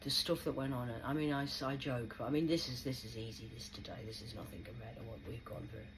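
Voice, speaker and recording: Low-voiced woman ranting, swearing. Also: steady tone, fast talker, very noisy. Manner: agitated, swearing, rambling. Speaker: vlogger. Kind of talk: unscripted angry monologue to camera. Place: small rented room.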